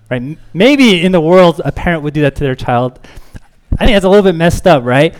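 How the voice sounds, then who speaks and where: A man in his thirties preaching a sermon, a father who tells stories and acts out his children's pleading with lively rises in pitch. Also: brisk. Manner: animated storytelling, acts out children's pleading voices. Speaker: pastor.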